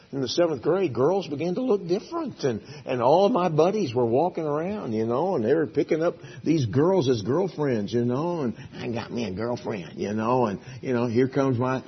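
Husky folksy preacher man. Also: mid-range voice, highs cut off. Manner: folksy storytelling, acts out biblical dialogue. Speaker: pastor. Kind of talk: sermon. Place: church sanctuary.

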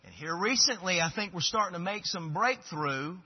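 A husky, fairly high-voiced man preaches a sermon, chatting along in a folksy way before swelling into fervent calls. The recording sounds dull and lo-fi. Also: animated, normal speed. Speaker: pastor.

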